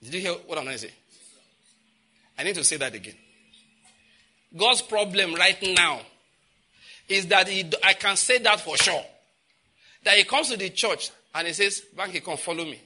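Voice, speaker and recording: A man with a Nigerian accent preaching a sermon, emphatic and repetitive, with sudden loud outbursts and asides in pidgin. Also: sits high, animated, normal speed, long pauses, a little hiss or hum.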